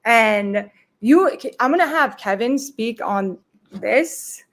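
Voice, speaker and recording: A woman's voice: fairly high pitch, expressive, slow. Emotional woman telling a fan story. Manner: emotional, fumbling for words. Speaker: guest. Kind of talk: casual storytelling.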